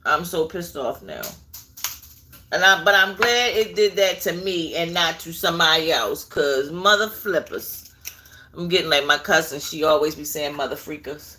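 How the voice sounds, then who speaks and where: Speaking at a moderate pace in a low, expressive voice with a sharp tone, a woman reads tarot live, talking directly to her audience and wandering into tangents while hunting for things. A little hiss or hum can be heard.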